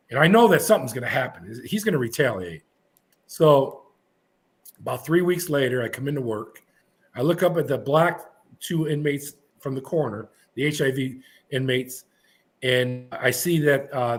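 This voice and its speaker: A middle-aged man, a former prison officer, telling vivid, blunt stories as a podcast guest. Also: medium pitch. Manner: vivid, blunt anecdotes with frequent restarts. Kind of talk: animated storytelling.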